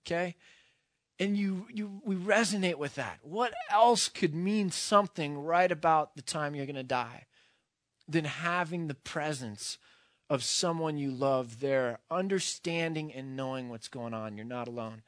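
Earnest man preaching, hushed to impassioned. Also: a little high, a little slow, dry recording, studio quality. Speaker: pastor. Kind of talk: sermon.

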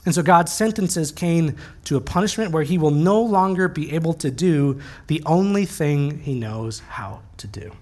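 A man's voice: on the high side, a little mellow. A male pastor giving a sermon in a conversational, plain-spoken way with touches of light humor.

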